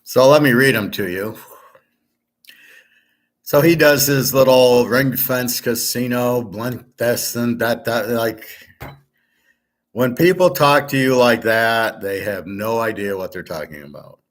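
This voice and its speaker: A man's voice: medium pitch, slow pace. A man hosting his own channel, ranting bluntly and angrily with lots of swearing. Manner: angry, profane, blunt. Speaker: host of a sports betting and finance channel. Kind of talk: ranting monologue to camera.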